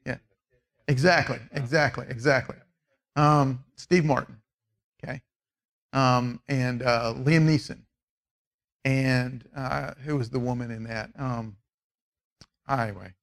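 A man's voice: mid-range voice, vocal fry. A middle-aged man teaching a Bible class in a conversational way, often asking the group questions.

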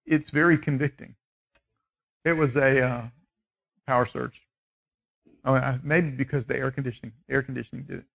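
A man's voice: mid-range voice, gravelly. A middle-aged man teaching a Bible class in a conversational way, often asking the group questions.

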